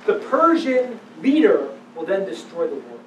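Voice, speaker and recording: Animated rabbi lecturing in a roomy hall. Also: male voice, high voice, unhurried, a little hiss or hum. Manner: animated, emphatic, swings between hushed and loud. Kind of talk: lecture on religious texts to a live audience. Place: event hall with audience. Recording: roomy, distant live-event recording.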